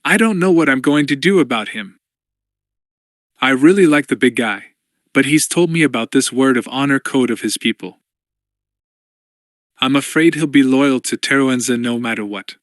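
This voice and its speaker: A man's voice: medium pitch, moderate pace, long pauses, no room sound, clean studio sound, lightly acted. A man voicing a confident young male pilot who talks in a breezy, self-assured way in an audiobook.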